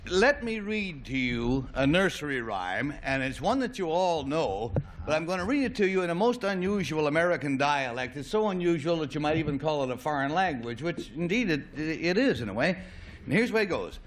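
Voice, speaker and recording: A man's voice: fairly high pitch, lively intonation, a little fast, a little hiss or hum. A man hosting a television game show, genial and talkative, with a few hesitant fillers. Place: television studio.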